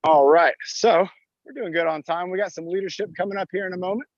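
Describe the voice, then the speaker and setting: Guy coaching a park workout, pretty high voice, talks you thru each rep, dull dry phone audio. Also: quick pace, no echo. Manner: encouraging, talks through each move while exercising. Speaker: fitness coach. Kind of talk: live outdoor workout class. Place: outdoors in a park.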